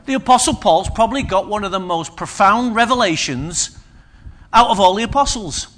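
A man's voice: high-pitched, lively intonation, normal speed, fairly bright tone. A man preaching a sermon, conversational and humorous with emphatic turns.

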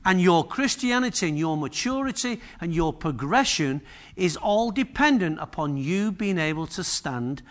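A man's voice: high voice, animated, normal speed. A man preaching a sermon in a humorous, chatty way, often asking the congregation questions.

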